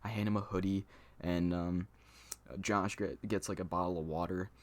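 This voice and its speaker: A man's voice: low-pitched, steady tone, normal speed. Young man telling a casual, profane story. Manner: loose, swearing, laughing storyteller with many fillers. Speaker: storyteller vlogger.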